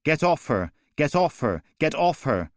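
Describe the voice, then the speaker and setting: Pitched above his natural voice, a man plays a terrified young woman screaming out in desperation. His delivery is a little high and sing-song at a moderate pace. The studio-quality recording is dry.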